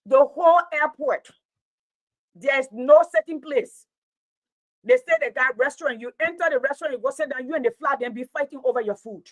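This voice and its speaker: Forceful woman lecturing her audience. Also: high voice, a little fast, no echo, low-quality recording. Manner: forceful, preachy, repeats points for emphasis. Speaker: teacher and online commentator. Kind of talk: impassioned casual monologue.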